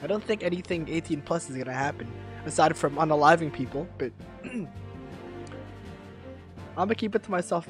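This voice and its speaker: A woman streaming a game live, excitable and panicky, stammering and repeating herself as she reacts. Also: low-pitched, normal speed, long pauses, slightly rough, soft background music.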